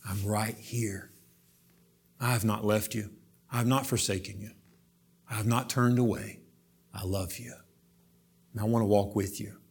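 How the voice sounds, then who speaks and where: Preacher voicing a tender, hushed male savior who pleads gently. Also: on the low side, fairly even intonation, unhurried, long pauses, breathy edge. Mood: pleading.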